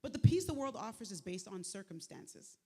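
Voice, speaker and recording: A woman giving a live motivational faith talk, conversational and lively, with slangy asides to the crowd. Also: mid-range voice, brisk, slightly rough. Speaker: speaker at a faith event. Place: large venue, live event. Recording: echoey hall with long reverb.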